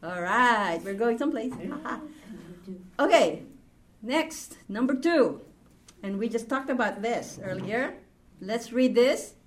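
Slow, patient woman teaching a class. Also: on the high side, expressive, slight background noise. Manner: patient, repeats words for students, slow and deliberate. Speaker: Hebrew teacher.

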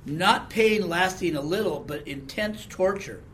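A man's voice: sits high, unhurried, fairly bright tone, a little hiss or hum. A man preaching a sermon, talking conversationally and asking the congregation questions with a frequent "okay?". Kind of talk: sermon Bible teaching.

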